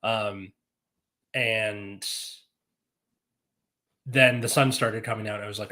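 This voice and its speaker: A man in his thirties, a teacher, chatting on a podcast in a laid-back, halting way with trailing phrases. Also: medium pitch, steady tone, bright, forceful tone. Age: 30s. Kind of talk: casual podcast chat.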